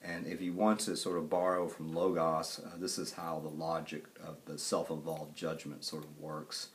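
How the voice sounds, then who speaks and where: A man giving a casual classroom lecture, rambling and halting through his points and joking with the students. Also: rumbling low, little pitch movement. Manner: rambling, halting, with many fillers and restarts. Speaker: college lecturer.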